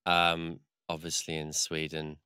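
A man's voice: rumbling low, monotone, unhurried, sharp tone, clean tone, no echo, clean studio sound. A man in casual chat, rambling through a story with lots of fillers and swearing.

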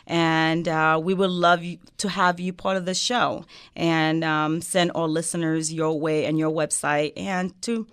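A West African woman hosts a heartfelt interview show, speaking earnestly and emotionally with lots of fillers. Her fairly low, smooth voice comes through a dry, clean studio recording.

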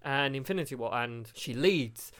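Opinionated man with a smooth voice. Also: mid-range voice, lively intonation, normal speed, a bit bright. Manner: opinionated, blunt, swears casually. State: has a lingering cough. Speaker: podcast co-host. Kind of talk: casual chat.

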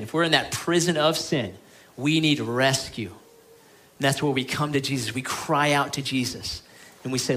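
A man preaching a sermon as pastor of his church, earnest and pleading, moving between emphatic lines and quiet ones. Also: medium pitch.

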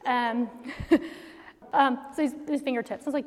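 A middle-aged woman speaking to an audience of mothers in a faith-based talk, telling stories in an animated way and laughing often. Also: a little high, normal speed. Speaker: speaker to moms. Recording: long hall reverb.

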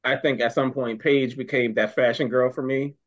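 A podcast co-host in casual chat, talking expressively and swooping up in pitch. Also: fairly even intonation, moderate pace. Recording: dull lo-fi sound.

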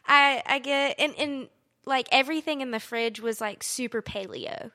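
A woman's voice: high-pitched, normal speed, bright, forceful tone. A young adult woman telling a long personal story in casual podcast chat, rambling with lots of "like" and acting out quotes. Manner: rambling, heavy use of "like", acts out quotes.

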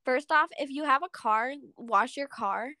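A young woman with a high voice co-hosts a casual podcast chat, giggling through her sentences. The sound is close and dry, with no room around it. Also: a little slow, bright, forceful tone, no room sound. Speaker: podcast co-host.

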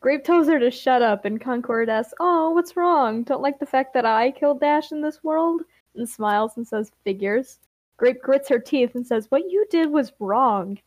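A woman's voice: high voice, animated, moderate pace, a little mellow, dry recording. A woman co-hosting a podcast, narrating a shared story with playful asides and frequent laughter. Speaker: co-host, storyteller. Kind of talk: narrating a collaborative story with voiced quotes.

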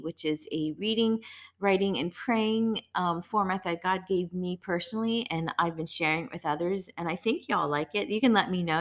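A woman's voice: fairly low pitch, a bit bright. A woman hosting a casual devotional talk, earnest and emphatic, often repeating phrases. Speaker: host of a devotional show.

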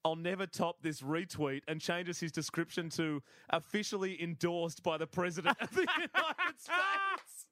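A man with a fairly high voice runs through silly headlines in relaxed comedy-podcast chat, chuckling as he goes. His delivery is loose and full of little fillers. The sound is dry and close, with no room echo. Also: moderate pace. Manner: chuckling, storytelling with many fillers. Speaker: podcast co-host. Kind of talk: casual comedic news chat.

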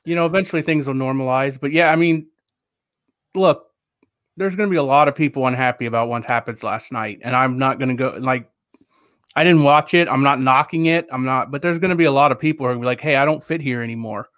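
A man's voice: medium pitch, fast, fairly bright tone, dry recording, clean studio sound. A man co-hosting a podcast in casual chat, rambling and hedging with lots of fillers. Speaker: podcast co-host.

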